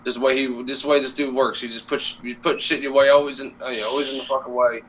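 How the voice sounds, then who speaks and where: A man's voice: mid-range voice, steady tone, fast, fairly bright tone. A man co-hosting a casual live stream, rambling and swearing with lots of fillers. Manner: rambling, profane, many fillers. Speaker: co-host. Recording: distant mic, faint noise.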